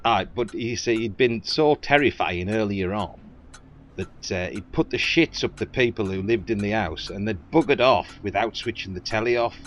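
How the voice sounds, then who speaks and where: Bloke with a northern english accent, ums and ahs a lot, faint hiss behind. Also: male voice, fairly low pitch, moderate pace, a bit bright. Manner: hesitant, rambling, with fillers. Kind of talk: comic improvised banter.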